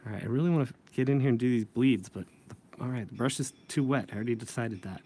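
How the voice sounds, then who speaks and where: A man's voice: mid-range voice, fast, warm tone, a little hiss or hum. A man teaching comic inking in a casual tutorial, thinking aloud and correcting himself as he works. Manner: thinking aloud while working, self-correcting. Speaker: comic book inker.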